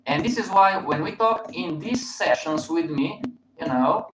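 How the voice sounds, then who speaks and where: A man's voice: a little high, expressive, a little slow, noisy background. A man hosting a live webinar, speaking emphatically and often checking in with his listeners. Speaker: host, market educator. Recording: roomy, dull stream audio.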